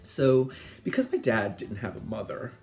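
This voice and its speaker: Animated middle-aged man telling stories. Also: mid-range voice, moderate pace, faint music behind. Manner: animated, chatty, laughs often. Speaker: podcast host. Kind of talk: casual storytelling.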